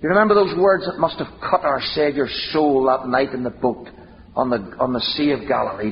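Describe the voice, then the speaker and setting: A man's voice: medium pitch, brisk, slight background noise. A man preaching an impassioned sermon, full of rhetorical questions and dramatic emphasis. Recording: dull lo-fi recording in a reverberant hall.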